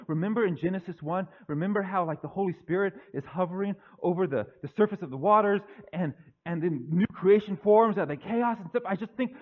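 A man preaching, acting out young Joseph as an excited young man who stammers and gushes into a phone call to his dad. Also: on the high side. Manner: breathless, stammering, gushing. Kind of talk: dramatized monologue in a sermon.

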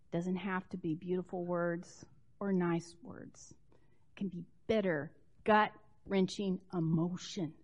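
A woman preaches a sermon with a high voice. Her pitch rises and falls a great deal. She tells the story expressively, shifting from loud emphasis to hushed asides.

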